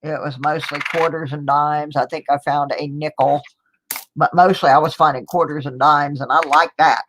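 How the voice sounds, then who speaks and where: A woman's voice: deep voice, steady tone, normal speed, slight background noise. A middle-aged woman chatting casually to viewers from home, rambling and laughing a little as she sorts coins. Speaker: coin roll hunting vlogger. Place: home, indoors.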